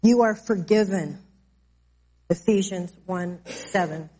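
A woman's voice: on the low side, mellow. Earnest woman preaching a sermon. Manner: earnest, slow and emphatic when declaring scripture.

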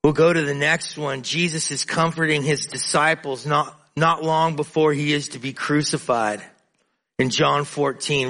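A man's voice: fairly high pitch, sharp tone. A male preacher giving an earnest, emphatic sermon, often repeating words as he builds his points.

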